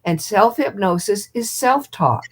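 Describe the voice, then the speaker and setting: An older woman in her seventies, a hypnotist guest, telling an animated story over a video call. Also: medium pitch, a little slow, husky. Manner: lively storyteller who acts out quotes and laughs.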